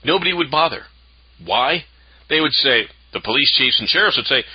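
Male talk radio host, emphatic and lecturing, husky voice, dry, lo-fi broadcast sound. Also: mid-range voice, expressive, moderate pace, no room sound. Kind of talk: opinion talk radio monologue.

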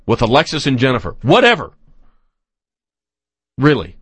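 Brief: male talk radio host, sarcastic and indignant, lively swooping pitch, dry close sound. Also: moderate pace, dry recording. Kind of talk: opinionated talk radio commentary.

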